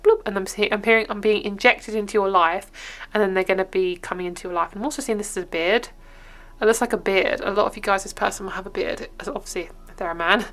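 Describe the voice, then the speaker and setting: A woman's voice: mid-range voice, fairly bright tone. A young woman with an English accent gives a casual, rambling tarot reading to camera in an upbeat, chatty way. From England. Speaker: tarot reader.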